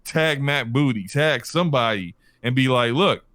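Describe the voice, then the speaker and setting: A man's voice: mid-range voice, moderate pace, fairly bright tone, dry recording. A man hosting a gaming podcast, making his case point by point with many restarts. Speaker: podcast host. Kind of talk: casual podcast discussion.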